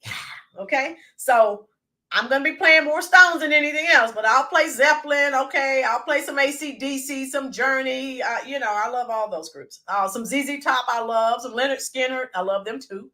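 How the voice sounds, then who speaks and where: Woman, livestream host, casual chat, high pitch, bright tone. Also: moderate pace. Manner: chatty, reads out viewer names, bursts into sung snippets.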